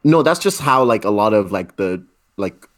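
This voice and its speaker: A man's voice: fairly low pitch, animated, moderate pace, no echo. A man from Canada talking in a casual, slangy way with plenty of fillers. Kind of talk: casual chat.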